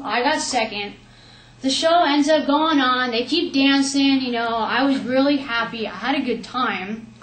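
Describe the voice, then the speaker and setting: Young woman, lively storyteller, higher voice, recorded in a roomy space. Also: moderate pace, far from the mic. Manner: lively, animated retelling with quoted asides. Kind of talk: personal storytelling. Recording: echoey room, faint ambience.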